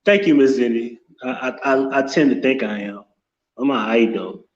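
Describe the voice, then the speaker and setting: A man's voice: medium pitch, normal speed. A man hosting a casual live stream from his office, cursing freely and greeting chat viewers as he talks. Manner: profane, loose and talkative, greeting chat viewers. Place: home office. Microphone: without headset, room mic. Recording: echoey room, dull lo-fi sound.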